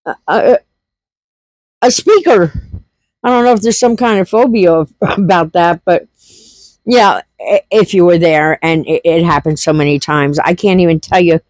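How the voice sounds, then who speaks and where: A woman's voice: mid-range voice, a little mellow, no room sound. A woman telling a funny family story in a casual, laughing, folksy way. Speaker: homesteading vlogger.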